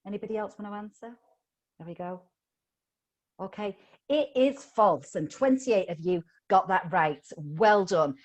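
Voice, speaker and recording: A woman's voice: mid-range voice, expressive, a little slow, dull audio. Upbeat woman coaching teachers. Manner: upbeat, coaxing, playful teacher voice. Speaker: phonics trainer. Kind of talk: live online teacher training. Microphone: video call.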